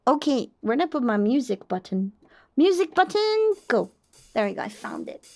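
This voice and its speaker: A woman's voice: mid-range voice, vocal fry. A young woman streaming casual chat, bubbly and self-mocking, laughing often.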